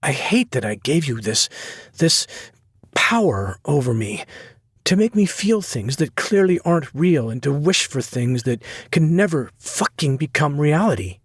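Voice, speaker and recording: A heartbroken young woman pours out anger and love in a raised, husky voice, her words tight and near tears, as a male narrator puts her on. The storybook delivery is dry and close. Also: medium pitch, lively intonation, normal speed, a little mellow, no echo, voice pushed up. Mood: furious. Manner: impassioned, pleading, near tears. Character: young woman, hurt and furious lover. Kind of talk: audiobook character voice.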